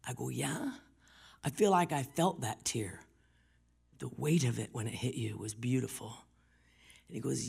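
A woman's voice: very deep voice, expressive, a little slow, vocal fry, pauses often, darkish tone, breathy edge. A woman preaching a sermon, telling personal stories and often dropping her voice to a whisper.

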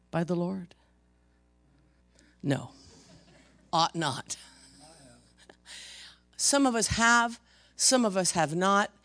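A pastor preaching a sermon in church to the congregation, emphatic, swinging from loud rebukes to hushed intensity. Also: mid-range voice. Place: church service before a congregation.

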